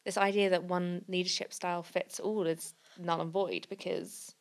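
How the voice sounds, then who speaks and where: A woman's voice: fairly low pitch, level tone, normal speed. A woman co-hosting a podcast, talking candidly and chattily with many filler words. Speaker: podcast co-host and fundraiser. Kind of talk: casual podcast conversation.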